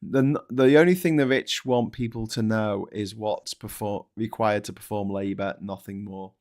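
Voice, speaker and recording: A man with a blunt, sweary, animated manner, co-hosting a casual political chat over a video call. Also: fairly low pitch, moderate pace. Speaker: co-host.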